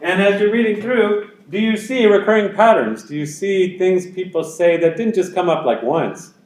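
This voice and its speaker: A man's voice: sits high, reverberant, low-quality recording. A man teaching a college class, explaining in a conversational way with everyday examples and asides. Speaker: college instructor. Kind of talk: lecture.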